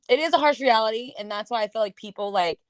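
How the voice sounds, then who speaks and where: A woman's voice: fairly high pitch, a little fast, dry recording. Brief: woman co-host, self-mocking storyteller, dry close mic. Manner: self-mocking, lively storyteller, swears when joking. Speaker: podcast co-host. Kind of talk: casual chat.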